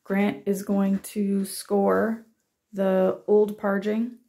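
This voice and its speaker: Woman vlogger, head cold, unhurried and a touch gravelly, chatty. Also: medium pitch, flat delivery, mellow. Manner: chatty, laughs easily. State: stuffy with a cold. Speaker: vlogger renovating a house. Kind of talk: casual vlog chat.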